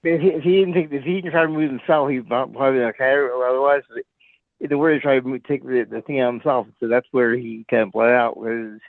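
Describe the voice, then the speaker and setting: A man's voice: medium pitch, steady tone, fast, dry recording. A man co-hosting a casual podcast chat, teasing and repeating himself over a tinny phone-like line. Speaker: podcast co-host.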